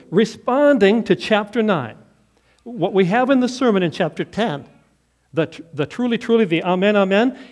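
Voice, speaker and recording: Pastor, male, higher voice, very animated delivery, dramatic hushed and loud turns. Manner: emphatic, dramatic shifts between loud and hushed. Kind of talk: sermon.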